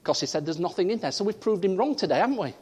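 Male preacher, from northern england, lively sermon delivery, slightly high voice, big swings in loudness. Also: racing, slightly rough. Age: 30s. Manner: animated storytelling, voice rising and dropping for emphasis. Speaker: pastor.

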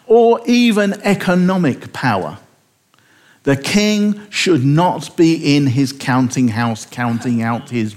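Animated man teaching the Bible. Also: fairly high pitch. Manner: animated, rhetorical questions, chuckling asides.

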